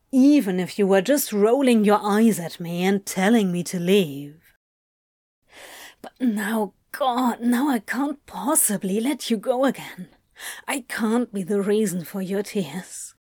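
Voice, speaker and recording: A woman's voice: medium pitch, darkish tone, dry recording, clean studio sound, lightly acted. A woman voicing a blunt, lovesick man who speaks earnestly and pleads.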